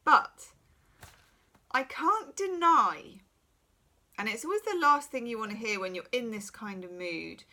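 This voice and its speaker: A woman's voice: fairly high pitch, lively intonation, a little slow, long pauses, bright, forceful tone. A middle-aged woman who is losing her voice, giving a frank, chatty private tarot reading full of reassuring asides. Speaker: tarot reader.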